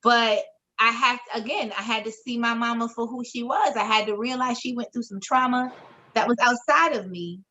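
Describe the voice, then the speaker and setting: Frank, expressive woman telling a story. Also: a little high, moderate pace, muffled recording. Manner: frank, expressive, swears freely, acts out quoted voices. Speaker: podcast co-host. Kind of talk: candid conversational storytelling.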